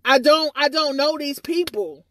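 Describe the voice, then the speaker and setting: High-voiced woman ranting on camera. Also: a little slow, fairly bright tone. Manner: rambling and frustrated, full of "you know" and "or whatever", with occasional swearing. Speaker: vlogger giving her side of a viral incident. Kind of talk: candid livestream-style rant. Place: outdoors outside her house.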